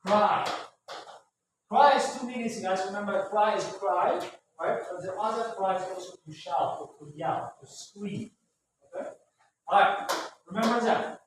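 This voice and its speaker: A man's voice: high voice, moderate pace. A man teaching English vocabulary to a class, patiently explaining words and often checking in with "right?". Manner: patient, repetitive, ends phrases with "right?". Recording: very echoey room, far from mic, faint noise.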